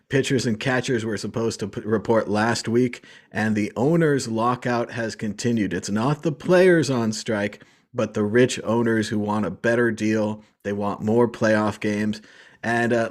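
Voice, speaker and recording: A man hosting a casual panel chat, wry and emphatic, repeating his points. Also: mid-range voice. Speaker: show host.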